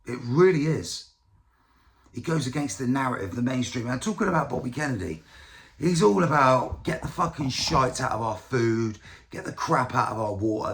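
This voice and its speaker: A man's voice: medium pitch, very animated, normal speed. A man from the UK giving casual, profane, rambling political commentary as a vlogger. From United Kingdom.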